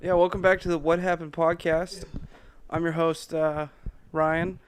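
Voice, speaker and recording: A young man hosting a casual podcast, playful and quick to laugh. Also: a little high, little pitch movement, a little hiss or hum. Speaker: podcast host.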